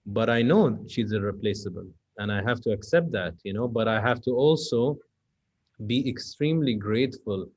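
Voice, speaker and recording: Guy hosting an interview, soft thoughtful talk, kinda low voice, bit muffled sound. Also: lively intonation, moderate pace, breathy edge. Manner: gentle, thoughtful, leans on "you know". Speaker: interview host. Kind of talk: reflective interview conversation.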